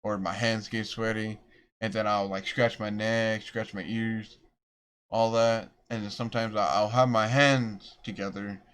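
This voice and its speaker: A man's voice: mid-range voice, fairly bright tone. A young man rambling through a storytime vlog, self-deprecating and restarting his sentences often. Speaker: vlogger.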